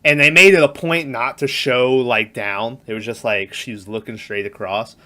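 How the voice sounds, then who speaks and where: Man, podcast co-host, bright voice, lively scene recaps, acts out lines. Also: mid-range voice, normal speed. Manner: animated, acts out quotes in raised voices. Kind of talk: casual movie chat.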